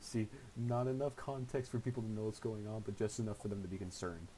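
A man's voice: on the low side, quick pace, warm tone, slight background noise, poor audio. A young man in his late teens streaming a game, chatting casually and swearing a lot at his friend. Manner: crude, swearing trash talk. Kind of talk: casual gameplay stream chat.

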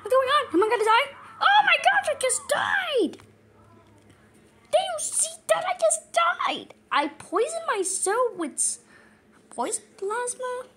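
Mickey Mouse, squeaky and slow, as a woman puts him on. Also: lively intonation, background noise. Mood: panicked. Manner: rambling, nervous, prone to frantic yelps. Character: squeaky cheerful male cartoon mouse. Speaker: fan voicing a reaction video. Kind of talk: in-character reaction commentary.

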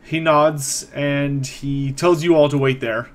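A man's voice: fairly high pitch, steady tone, slow pace. Game master man, narrating a tabletop game.

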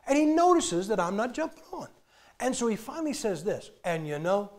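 A man preaching with a fairly high voice. He tells stories animatedly, acting out other people's lines and bursting into sudden shouts. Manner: animated storytelling, acting out quotes with sudden loud outbursts. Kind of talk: sermon.

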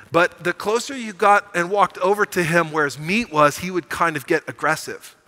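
A man's voice: sits high, pushed and bright, poor audio. A middle-aged man preaching a sermon as pastor, telling a story with animation and building to emphatic proclamations. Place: church sanctuary.

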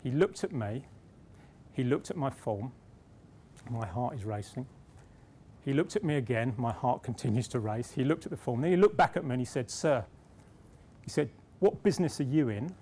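Animated and at normal speed, with long pauses, a middle-aged British man speaks in a conference hall, telling a self-deprecating anecdote with restarts before turning to his point. His mid-range voice has a darkish tone, and there's slight background noise.

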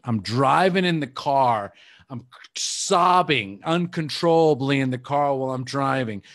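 A man's voice: medium pitch, moderate pace, no room sound, studio quality. A man coaching a group on a call, telling a candid, emotional personal story in a confessional way. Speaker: life coach.

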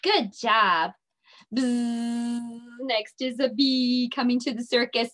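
A woman leading a children's circle time lesson, speaking in a slow, sing-song, encouraging way and stretching her words out. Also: fairly high pitch, bright, forceful tone. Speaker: preschool teacher.

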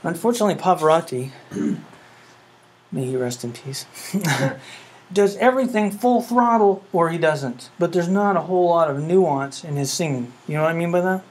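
A man's voice: on the high side, lively intonation, moderate pace, low-quality recording. A man teaching a music class, talking earnestly and checking in with rhetorical questions. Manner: earnest, asks rhetorical questions, hums melodies. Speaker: music professor. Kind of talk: classroom lecture.

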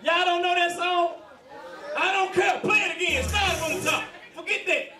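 A man doing stand-up in a live comedy lounge, loudly bossing the DJ and the audience, recorded from across the room. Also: extremely high pitch, normal speed. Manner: loud, bossing the DJ and crowd. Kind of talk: stand-up set. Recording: echoey club from far mic with music.

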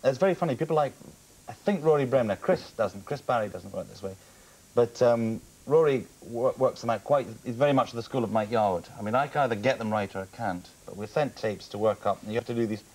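A man in his thirties, a comedian and impressionist, telling animated anecdotes as a guest on a TV sofa and dropping into mimicked voices. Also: mid-range voice, fairly quick, low-quality recording. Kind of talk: chatty TV sofa interview. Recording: faint hiss of an old TV broadcast.

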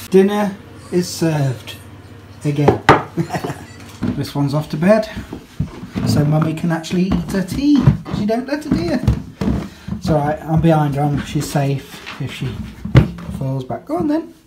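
A cheerful man in his thirties, a family vlogger, chats to a handheld camera through an evening at home, laughing often and turning sing-song when he addresses the kids. His voice is fairly high, unhurried and full of pauses. The noisy home recording has a steady hiss with kitchen clatter behind him.

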